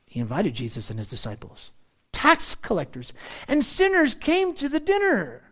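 A male pastor preaching a sermon, with animated delivery and joking asides to the congregation. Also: very high voice, moderate pace.

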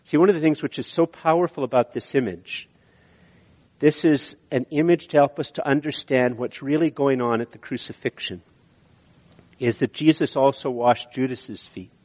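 A man preaching a sermon in earnest, slowing down to stress key words, in a church sanctuary. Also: medium pitch, a little mellow. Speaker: pastor. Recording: dull audio with long hall reverb.

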